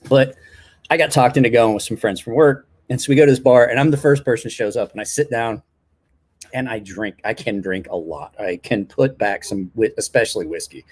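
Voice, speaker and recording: A man's voice: medium pitch, a little fast, darkish tone, slightly rough. A man in his forties chatting casually on a late-night live stream, telling rambling stories with a self-deprecating streak.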